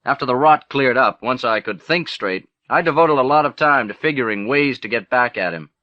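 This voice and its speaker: A man's voice: mid-range voice, expressive, moderate pace, no echo. A man reading a short story aloud in the first person, with a wry, plainspoken storytelling manner, on an old cassette recording. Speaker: audiobook narrator. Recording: dull, lo-fi 1980s cassette recording.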